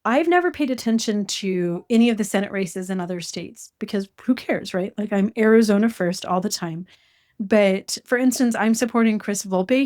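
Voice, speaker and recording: A woman hosting a casual conversation, talking in an animated, talkative way with quick asides. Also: medium pitch. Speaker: host.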